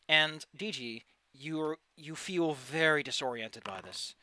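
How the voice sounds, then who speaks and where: A man's voice: fairly high pitch, slow, few pauses, pushed and bright, no room sound. A man running a tabletop game as game master, chatty and laughing often as he narrates.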